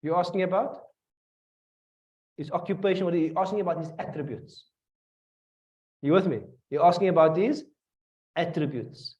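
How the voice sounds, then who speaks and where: In a tafsir class, a South African-accented teacher with a fairly high, slightly mellow voice asks his students questions and repeats key phrases while explaining. The audio is dull and lo-fi, recorded from across the classroom.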